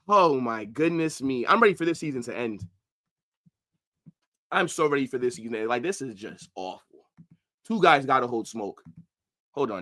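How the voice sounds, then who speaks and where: A man ranting angrily on a football livestream, profane, swinging from shouts to low mutters. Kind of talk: livestream rant.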